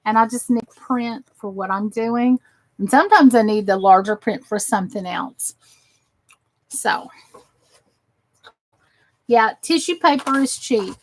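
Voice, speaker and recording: A woman's voice: on the high side, animated, a little slow, pauses often, rough recording. An exhausted woman chatting casually as she works on crafts for her channel, rambling and talking to herself as she goes. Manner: rambling, talks to herself while working.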